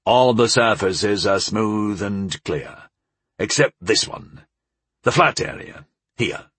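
A man voicing a wise, calm old male hedge mage who speaks slowly in a low, measured, husky voice. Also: dry recording, heavily acted. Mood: grave.

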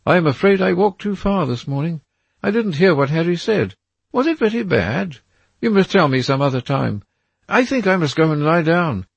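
A man doing a nervous, brooding young gentleman. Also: a little high, big pitch swings, moderate pace, vocal fry, husky, dry recording, pitched above the performer's own voice, exaggerated voice. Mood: anxious. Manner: raised, pleading and anxious.

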